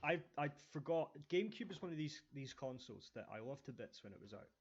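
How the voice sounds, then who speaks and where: A man's voice: mid-range voice, fast, a little hiss or hum. A man with a Scottish accent telling stories in a casual podcast chat, with lots of ums and uhs. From Scotland. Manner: relaxed storytelling with many fillers. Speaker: podcast co-host. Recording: dull lo-fi audio.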